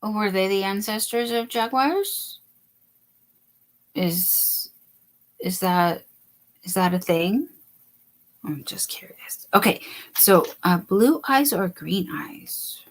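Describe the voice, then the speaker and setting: A woman's voice: medium pitch, expressive, takes it slowly, long pauses. A woman hosting a casual late-night crochet livestream, chatting and reading viewer comments aloud.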